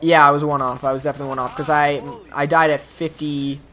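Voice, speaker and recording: A man with a slightly high voice gives loose, rambling commentary over his own gameplay. He talks straight to his viewers in an offhand, chatty way. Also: level tone, fast talker, pushed and bright. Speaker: YouTube gamer.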